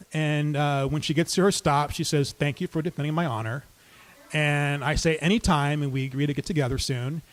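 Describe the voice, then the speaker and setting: High-voiced man telling a comic story. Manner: comic, conversational, wry.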